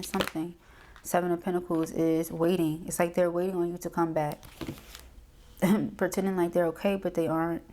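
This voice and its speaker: A woman talks through a tarot reading in a relaxed, chatty way, full of slang and quick asides. Her voice is low and mellow, with a faint hiss of noise under it. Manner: chatty, slangy, asks "okay?" often. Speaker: tarot reader.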